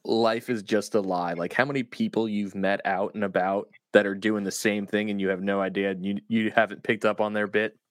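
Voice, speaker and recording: A man hosting a casual podcast, with a low, level voice that barely rises or falls. He asks his questions in a steady, measured way. The sound is close and dry, with no room echo, and he keeps a level delivery throughout. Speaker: podcast host. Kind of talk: casual chat.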